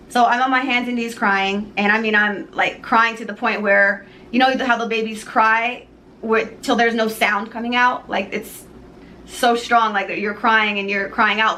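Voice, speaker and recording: A woman earnestly telling a personal faith story to the camera, halting and pausing often. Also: mid-range voice, sharp tone, a little hiss or hum, rough recording. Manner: earnest, halting, with many pauses. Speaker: jewelry maker sharing a personal story.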